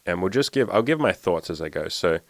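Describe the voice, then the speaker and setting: His voice sits low, with lively intonation and a brisk pace, recorded dry. He's a young man who coaches dating and self-improvement, and here he tells a story in a loose, rambling way, filling it with lots of "like."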